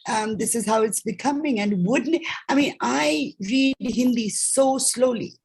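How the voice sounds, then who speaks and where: A woman with an Indian English accent, an author and translator, speaking as an interview guest over a video call, emphatic and quick to laugh, repeating words for stress. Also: fairly high pitch, vocal fry, darkish tone, breathy edge. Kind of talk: conversational interview.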